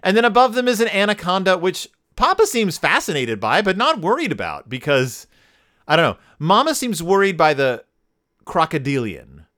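A man's voice: high-pitched, very animated, normal speed, pushed and bright. A man hosting a podcast and giving a comedic, sarcastic review of a picture book, with wry rambling asides. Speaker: podcast host.

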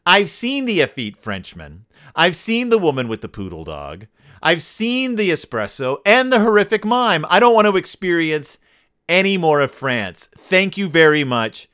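A man with a bright, lively voice hosts a comedic podcast, tearing into a picture book with sarcasm. He swings his pitch widely as he jokes. His tone is clear and smooth. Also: normal speed. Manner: sarcastic, animated, mock accents and yodeling. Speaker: podcast host. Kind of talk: comedic book review monologue.

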